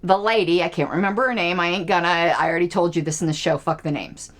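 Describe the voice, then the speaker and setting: A woman's voice: lowish voice, fairly even intonation, quick pace. A woman hosting her own channel, rambling through a casual discussion of a TV episode, laughing often and thinking aloud as she tries to recall names. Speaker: political commentary channel host.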